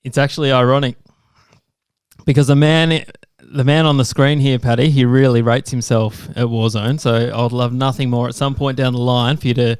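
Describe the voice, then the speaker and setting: An Australian man with a smooth, resonant voice, interviewing a guest in a relaxed, chummy way. The sound is dry and close, with no room around him. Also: mid-range voice, moderate pace, dry recording. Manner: chummy, keeps saying "mate". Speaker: podcast co-host. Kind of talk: casual interview chat.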